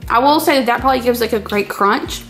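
A woman's voice: fairly high pitch, quick pace, a bit bright, soft background music. A woman hosts a casual cooking vlog from her home kitchen, talking in a bubbly, chatty way and saying "like" a lot. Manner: bubbly, chatty, says "like" often. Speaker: cooking channel host.

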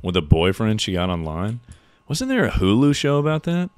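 A man's voice: lowish voice, very animated, normal speed, no echo. A young man streaming a horror game live, joking loosely and reading out chat. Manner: jokey, reacts to chat and thanks subscribers.

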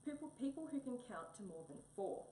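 A woman's voice: fairly high pitch, lively intonation, fairly quick, dark tone, roomy sound, recorded from a distance, a little hiss or hum, voice pushed up, natural voice. A woman voicing a vain, self-important grey tomcat in a read-aloud story. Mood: superior.

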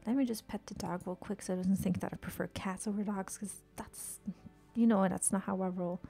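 Woman streamer, husky, gravelly fry, casual chatty gaming talk, faint music behind. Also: mid-range voice, fairly even intonation, a little fast, mellow. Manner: chatty, swears casually, talks to game characters; often drops to a whisper. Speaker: game streamer. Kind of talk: casual live-stream chat while gaming.

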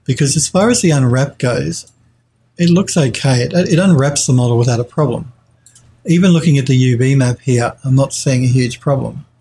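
While running a live 3D modelling tutorial, a man thinks aloud as he works, hesitating and correcting himself as he answers chat. His voice is medium-pitched and mellow at a moderate pace, with slight background noise.

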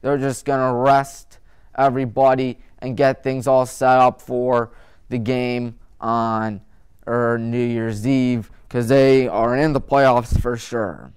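Running through his picks for the week, this male sports talk host jokes, opines freely, and mocks teams with nicknames. His voice is medium-pitched and clean.

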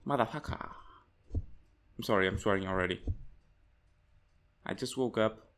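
A man's voice: fairly high pitch, normal speed, a little hiss or hum. A young man hosting a horror game let's play, reading notes aloud and yelping and swearing when startled. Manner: jumpy and excitable, yelps and swears when startled. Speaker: gaming channel host.

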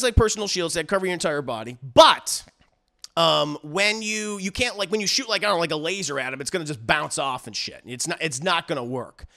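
Gravelly, bright-voiced casual movie reviewer. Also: male voice, sits high. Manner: rambling, crude, many fillers.

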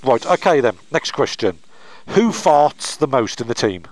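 A man with a West Midlands accent hosting a casual interview, moving briskly through teasing questions. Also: mid-range voice, sing-song, a little hiss or hum, low-quality recording. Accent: West Midlands English. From West Midlands, England. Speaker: interviewer, host.

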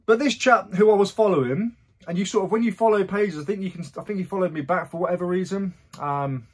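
A man's voice: high voice, quick pace, darkish tone, husky. A man, chatting casually in a rambling vlog about his resale sales and his past. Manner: chatty, rambling, self-correcting asides. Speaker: online reseller.

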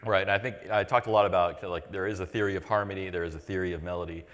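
A man's voice: low-pitched, fairly even intonation, racing, a bit bright. A man in his forties co-hosting a podcast, talking thoughtfully and rambling with lots of fillers and restarts. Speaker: podcast co-host. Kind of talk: casual podcast chat. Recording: long reverb.

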